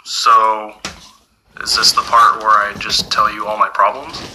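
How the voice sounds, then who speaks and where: A man's voice: lowish voice, monotone, a little slow, bright, forceful tone, a little hiss or hum, low-quality recording. A man playing an earnest, frustrated bird lover who is pouring out his problems in a comedy sketch. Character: angry adult man who loves birds, seeking therapy.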